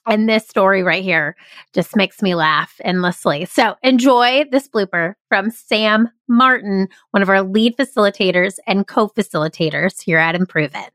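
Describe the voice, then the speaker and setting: A woman hosting a company video, introducing stories with enthusiastic, drawn-out delivery. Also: medium pitch, a bit bright, no echo, clean studio sound. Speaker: host and company founder.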